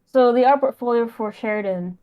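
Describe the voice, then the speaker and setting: A young adult woman calling in over a voice call, talking in a halting way that often trails off. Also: on the high side, phone-quality sound. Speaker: caller. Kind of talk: casual call-in chat.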